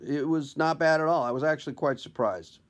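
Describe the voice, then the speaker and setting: A man's voice: on the high side, a little fast. A male comedian telling a wry, self-deprecating personal story in a conversational way. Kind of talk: comic personal storytelling to camera.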